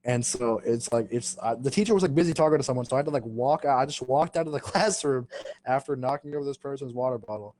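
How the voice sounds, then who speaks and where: A man's voice: medium pitch, quick pace, a little mellow. A young man hosting a podcast, casually telling a school story with lots of fillers, swearing and laughter. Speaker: podcast host.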